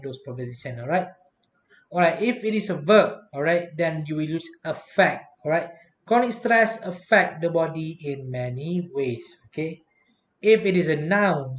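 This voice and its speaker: A man's voice: fairly high pitch, echoey room. A man giving a recorded university lecture, patiently explaining and saying "all right" after nearly every point.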